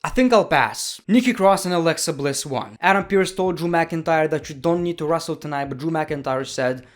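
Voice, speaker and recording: A man talks through his review of a wrestling show in a loose, chatty way. His voice sits a little high for a man, and he fills the gaps with "you know" and "uh" and often corrects himself. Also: lively intonation, normal speed. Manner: chatty, opinionated, with frequent fillers and self-corrections. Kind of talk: casual review commentary.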